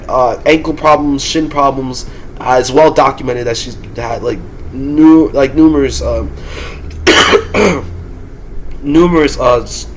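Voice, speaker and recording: A man with a somewhat high, strained voice that is going hoarse, ranting through a vlog of wrestling predictions. He talks with heated frustration and flares up into loud, cursing outbursts. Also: a little hiss or hum. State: losing his voice. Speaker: wrestling commentator and YouTuber.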